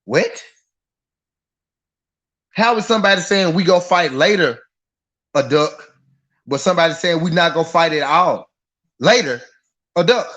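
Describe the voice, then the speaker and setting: This boxing podcast host has a fairly high, somewhat bright voice and an animated yet measured pace, broken by long pauses. On a live stream, he rants heatedly and profanely, repeating things for emphasis into his live-stream mic.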